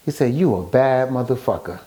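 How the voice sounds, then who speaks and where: A man's voice: medium pitch, fairly quick. A man telling his story in a casual interview, acting out what others said to him as he goes. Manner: animated storyteller acting out quoted dialogue. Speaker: guest, author and photographer.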